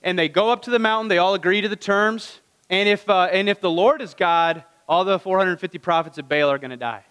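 A man preaching a sermon, retelling the stories with animated delivery and acting out the characters' lines. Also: sits high, brisk, big-room sound. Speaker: pastor. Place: church room.

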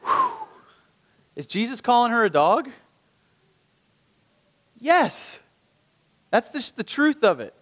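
A man's voice: very high-pitched, wildly swooping pitch, slow, pauses often, fairly bright tone, long reverb tail. A man preaching a conversational sermon, asking the listeners rhetorical questions and acting out the lines of the people in the story. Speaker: pastor.

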